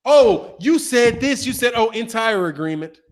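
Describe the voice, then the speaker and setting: High-voiced animated man ranting. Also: measured pace. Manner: animated, repetitive, trash-talking. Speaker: boxing commentator. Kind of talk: casual rant to camera.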